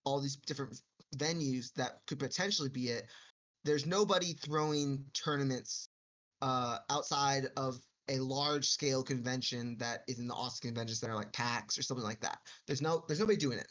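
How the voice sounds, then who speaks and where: A man's voice: mid-range voice, a bit bright. Man, podcast chat, boastful jokes, detailed explanations. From Texas. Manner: boastful and joking, then detailed and deliberate. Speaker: esports tournament organizer.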